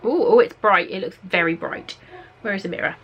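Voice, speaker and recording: A young English woman from Norfolk chatting excitedly on camera at home, reading out product blurbs as she unboxes them. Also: mid-range voice, brisk, muffled recording. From Norfolk, England. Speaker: beauty vlogger. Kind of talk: casual unboxing chat. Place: at home, indoors.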